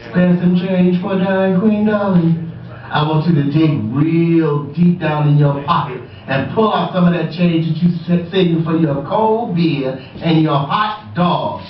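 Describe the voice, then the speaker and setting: A man performing a sassy, dramatic storytelling monologue, calling his listeners darling. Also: on the high side. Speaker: stage performer. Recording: echoey and muffled from a distant camera.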